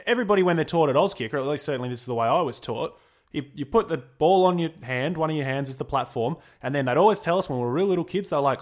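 A man's voice: fairly high pitch, fast talker. A young Australian man hosting a casual sports podcast, blunt and joking. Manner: blunt, joking, lively banter. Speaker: podcast host.

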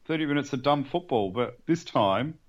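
A man co-hosts a casual sports podcast in a mid-pitched voice. He rambles excitedly and restarts his sentences often. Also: moderate pace, highs cut off. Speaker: podcast co-host.

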